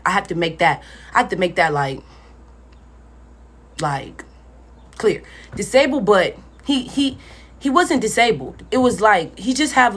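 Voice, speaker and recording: A woman's voice: fairly low pitch, fairly bright tone, slightly rough. A young woman telling a personal story in a casual storytime vlog, blunt and profane, talking straight to her viewers.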